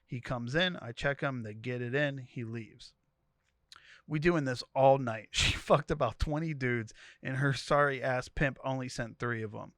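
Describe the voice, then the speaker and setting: A man co-hosting a podcast, retelling a wild story in an animated, comedic way. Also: mid-range voice, a little slow, no echo, clean studio sound. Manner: animated storytelling, voicing each character. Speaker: podcast co-host. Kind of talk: comedic dramatic reading of a story.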